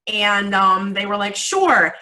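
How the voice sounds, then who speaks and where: A woman in her forties, a guest in a casual interview, telling a story in an animated way, laughing often and using many fillers. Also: medium pitch, moderate pace, low-quality recording. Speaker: guest, video marketing coach.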